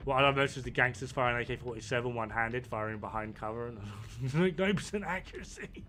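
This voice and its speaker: Man, chatty and rambling, amused, bright voice, playing a game. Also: mid-range voice, fairly even intonation, fast, faint music behind. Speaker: gaming streamer. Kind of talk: casual commentary while playing.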